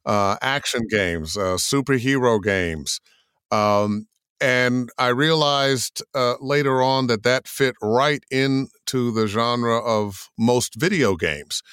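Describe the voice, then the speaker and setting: An older man, a voice actor, answering interview questions in an animated storytelling way, acting out quotes as he goes. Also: medium pitch, takes it slowly, smooth, no room sound, clean studio sound. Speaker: voice actor guest.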